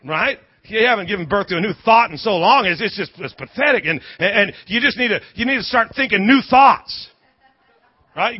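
A man's voice: high voice, lively intonation, moderate pace, breathy edge, muffled recording. A male pastor preaching a sermon in an emphatic call-and-response style, with a lot of repetition.

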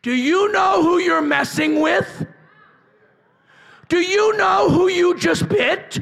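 A man preaching voices an apostle who loudly and defiantly shouts down a viper that bit him. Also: very high-pitched, creaky, voice pushed up, full character voice. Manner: loud, slow, defiant shouting.

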